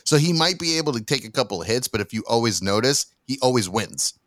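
A man's voice: mid-range voice, fast, no echo, studio quality. A man telling stories in a casual podcast chat and acting out quotes along the way. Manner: animated storyteller, acts out quotes. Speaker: podcast guest.

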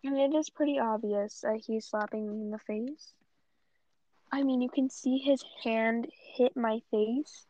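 On her vlog, a young woman rants casually and bluntly, swearing and rambling off into asides. She speaks a little slow in a steady, dark-toned, slightly high voice, captured as dull, dry lo-fi audio with no room sound.

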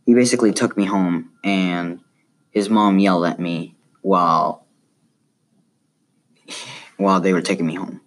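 A deep-voiced young man reads a personal essay aloud. His light South American Spanish accent colors the words, and his delivery is plain and earnest. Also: fairly even intonation, unhurried, pauses often. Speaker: student.

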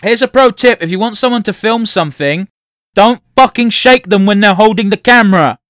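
Sweary high-voiced man joking around. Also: fairly bright tone, no room sound, clean studio sound. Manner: sweary, joking, quick to laugh. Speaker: co-host watching a cartoon. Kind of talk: casual reaction chat.

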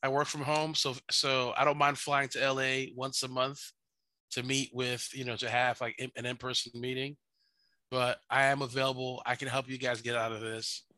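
Bright-voiced man joking about sports. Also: mid-range voice, little pitch movement, moderate pace, no room sound, low-quality recording. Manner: joking, playful banter. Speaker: podcast co-host. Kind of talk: casual sports chat.

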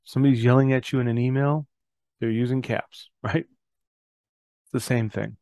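Podcast host, middle-aged man, gravelly, earnest reflective talk, dry close sound. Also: medium pitch, steady tone, normal speed, a little mellow, no echo. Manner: earnest, reads scripture aloud, self-correcting.

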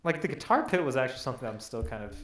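A man's voice: mid-range voice, lively intonation, a bit bright, roomy sound, slight background noise. A young man telling a rambling, self-deprecating story on a casual podcast. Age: young adult. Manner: rambling, self-deprecating, quick quoting of others. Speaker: podcast co-host.

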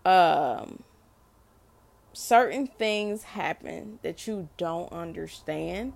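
A woman's voice: fairly low pitch, extremely slow, gravelly. A middle-aged mother sharing an unscripted faith testimony, speaking earnestly to listeners and often repeating and restarting her phrases.

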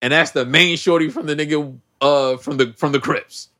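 A man with a slightly high voice recaps a movie on a podcast, talking loosely and full of slang. He keeps slipping into quick impressions of the characters as he tells the story. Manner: animated slangy storytelling, acts out characters' lines. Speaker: podcast co-host. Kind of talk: casual movie recap chat.

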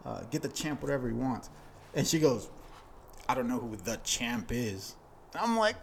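A man's voice: medium pitch, very animated, moderate pace, gravelly. Upbeat man telling a podcast story. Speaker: podcast co-host. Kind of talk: casual storytelling.

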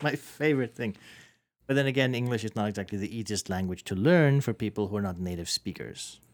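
A man's voice: lowish voice, fairly quick, dry recording. A man co-hosting a casual podcast among friends, wry and sarcastic, often repeating words as he starts a thought. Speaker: podcast co-host. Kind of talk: casual chat.

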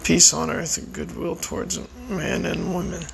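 Worn-out man, raspy and creaky, pitched a little high, speaking a quiet, reflective personal monologue. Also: level tone, slight background noise, low-quality recording. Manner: slow, reflective, prayerful. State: tired and weak. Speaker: vlogger.

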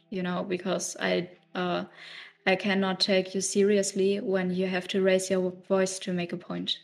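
A woman from Germany co-hosts a relaxed podcast chat in a mid-range voice. She reasons aloud in a thoughtful way and laughs readily. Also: medium pitch, measured pace, creaky. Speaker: podcast co-host.

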